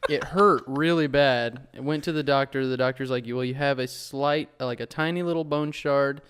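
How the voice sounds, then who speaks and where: Young male podcast host, mid-pitched smooth voice, loose laughing storyteller, casual chat. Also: fairly even intonation, moderate pace, fairly bright tone. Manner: laughs often, tells stories loosely.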